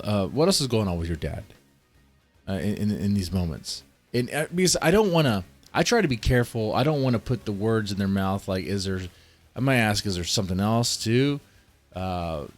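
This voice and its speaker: Speaking in a lowish voice, a CPS caseworker explains in an offhand way how he goes about interviewing kids. He reasons it out aloud, step by step.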